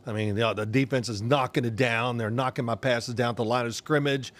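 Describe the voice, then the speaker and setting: An older man co-hosting a casual sports podcast, an animated storyteller who acts out the voices of people he quotes. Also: medium pitch, brisk. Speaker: podcast co-host, former quarterback.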